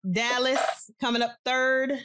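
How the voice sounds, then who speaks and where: A woman's voice: sits high, little pitch movement, slow, background noise. A woman from the Washington DC area co-hosting a podcast, upbeat and chatty, greeting listeners in casual talk. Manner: upbeat, chatty, giving shout-outs to listeners. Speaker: podcast co-host. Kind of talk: casual chat.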